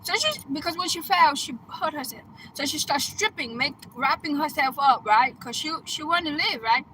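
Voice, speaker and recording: A woman with a bright, forceful voice tells a film plot casually, bursting into loud exclamations and laughter. She talks in a chatty way, often checking in with "right?" and "okay?". There is faint noise behind her. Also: sits high, animated, normal speed, rough recording. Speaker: coach.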